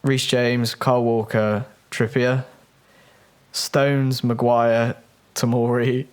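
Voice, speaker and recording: An Englishman co-hosts a football podcast in casual chat, reading out lists in a decisive manner. His medium-pitched voice is smooth and level, and he takes his time.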